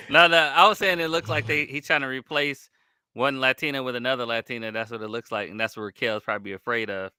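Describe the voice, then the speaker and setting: A man's voice: medium pitch, fairly even intonation, brisk, pushed and bright, clear, resonant tone, dry recording. A man co-hosting a casual wrestling podcast, easygoing and chuckling. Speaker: podcast co-host.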